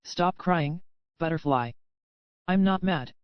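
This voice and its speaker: A narrator voicing a cold, possessive young man who gives slow, stern commands, heard as dry, slightly dull audio. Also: fairly high pitch, clean tone, no room sound. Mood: quiet.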